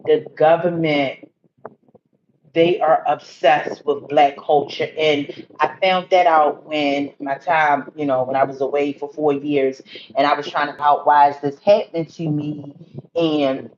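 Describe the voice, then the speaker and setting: A woman's voice: low voice, fairly even intonation, a little slow, a little mellow, slight background noise. Woman rambling on her phone live, talkin right to viewers, kinda dull audio. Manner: rambling, talks to viewers directly. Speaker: livestream host. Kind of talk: casual livestream chat.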